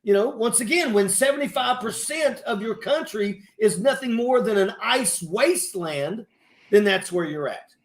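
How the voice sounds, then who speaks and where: A man co-hosting a casual chat, talking earnestly and stumbling over repeated phrases. His voice is high for a man. The recording has a roomy echo. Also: lively intonation, normal speed. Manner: earnest, hesitant, repeats himself.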